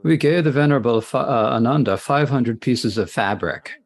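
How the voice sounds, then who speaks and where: A man's voice: medium pitch, normal speed, natural voice. A man voicing a group of polite palace servant women who address their king. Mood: deferential. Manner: polite, deferential requests.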